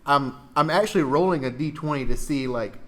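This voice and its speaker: Give me a relaxed man narrating as dungeon master. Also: fairly high pitch, a little fast. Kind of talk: narrating a tabletop game.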